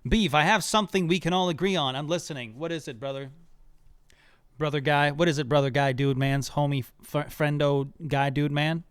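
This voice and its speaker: Excitable, swearing young male streamer. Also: a little high, moderate pace, clear, resonant tone, dry recording, clean studio sound. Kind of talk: casual gaming stream chat.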